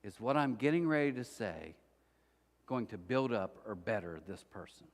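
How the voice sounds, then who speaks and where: A man preaching a sermon as a pastor, telling a story with lively quoted voices before easing into soft, earnest prayer. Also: lowish voice, moderate pace. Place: church auditorium, indoors. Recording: long hall reverb.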